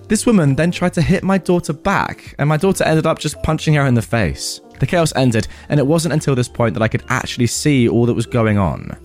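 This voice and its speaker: A man hosting a storytelling channel reads a submitted story aloud. His pitch swings widely as he narrates. Faint music plays underneath. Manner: lively, animated storytelling. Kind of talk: reading a reddit story aloud.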